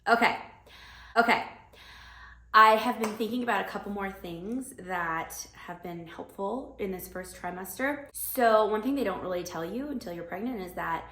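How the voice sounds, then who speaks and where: A woman's voice: medium pitch, moderate pace, sharp tone, slight background noise. A young woman vlogging in casual, bubbly chat straight to camera, talking with lots of enthusiasm. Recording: echoey room.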